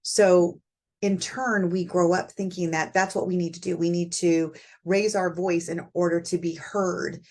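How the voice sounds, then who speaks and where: A woman's voice: on the low side, flat delivery, unhurried. Woman hosting a reflective parenting talk. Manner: warm conversational, thinking aloud with fillers. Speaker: podcast host.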